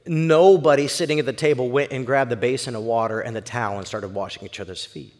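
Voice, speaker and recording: A male pastor preaching a sermon in an emphatic, animated storytelling way. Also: medium pitch, fast talker, hardly any pauses, in a large hall.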